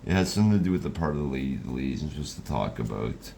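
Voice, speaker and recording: Deep gravelly man reading a story. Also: animated, rapid-fire, mellow, slight background noise. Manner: loose, rambling storytelling with restarts. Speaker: narrator.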